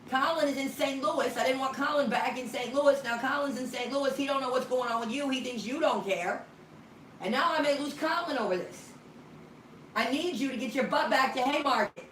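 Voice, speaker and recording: A woman's voice: sits high, brisk, a bit bright. A woman ministry leader on a phone call, talking firmly and bluntly while pleading. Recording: roomy room, distant mic, faint noise.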